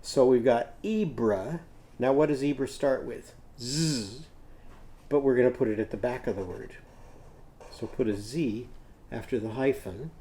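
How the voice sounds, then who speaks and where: Man, teacher voice for young kids; mellow tone, patient, stretches out sounds when spelling. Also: medium pitch. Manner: patient, sounds out words slowly for children. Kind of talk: children's literacy lesson while drawing.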